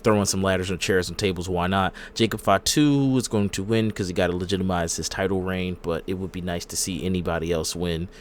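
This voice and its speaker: A man's voice: low-pitched, fairly even intonation, fairly quick, few pauses, a little hiss or hum. A man hosting a casual wrestling podcast, laid-back and opinionated, joking as he makes his calls. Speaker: podcast host.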